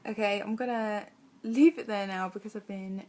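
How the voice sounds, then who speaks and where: A woman's voice: mid-range voice, fairly even intonation, normal speed, warm tone. A young adult woman vlogger telling a personal story in a chatty, rambling way, full of fillers. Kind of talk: casual storytelling.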